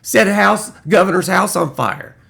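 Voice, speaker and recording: Man doing a mocking caricature of a gullible male fan: squealing falsetto, way up high, gravelly. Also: normal speed, sharp tone, exaggerated voice. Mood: mocking glee.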